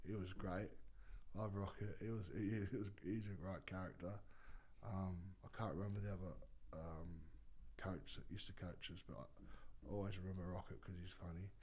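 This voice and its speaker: Low-pitched Australian man, former rugby league player, casual rambling chat, lots of fillers and swearing. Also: fairly even intonation, moderate pace, a little mellow, husky. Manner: rambling, swears freely, many fillers and restarts.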